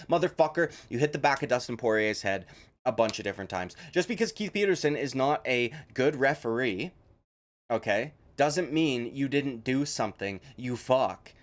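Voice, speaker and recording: A man giving heated, profane reaction commentary on a fight interview. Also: medium pitch. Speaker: MMA commentary YouTuber.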